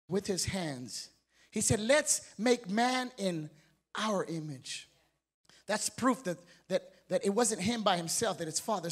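Male pastor, very high voice, emphatic sermon delivery with call-and-response. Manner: emphatic preaching with call-and-response questions and repeated words; playful, acts out family members.

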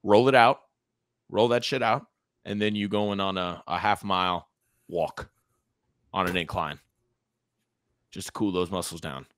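American guy, deepish voice, joking around on a football pod, dead dry mic. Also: fairly even intonation, unhurried, long pauses, fairly bright tone, smooth, no room sound. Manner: joking, emphatic repetition. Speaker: podcast co-host. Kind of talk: casual sports chat.

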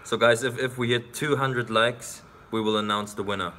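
A man's voice: mid-range voice, fairly even intonation, normal speed, very noisy. A man co-hosting a casual live stream in a hotel lobby, talking loosely and a little clumsily.

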